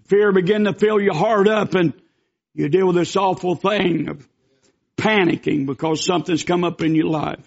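High-voiced preacher, lo-fi sermon recording. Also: male voice, moderate pace. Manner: earnest, storytelling preacher who bursts into emphatic cries. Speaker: pastor.

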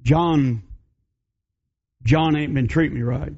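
A man's voice: on the high side, a little mellow, slightly rough, voice pushed down, full character voice. A preacher putting on a frightened older battered woman. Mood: tearful, beaten down. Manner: halting, stammering, subdued. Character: battered older gray-haired woman, fearful and tearful. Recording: dull lo-fi recording.

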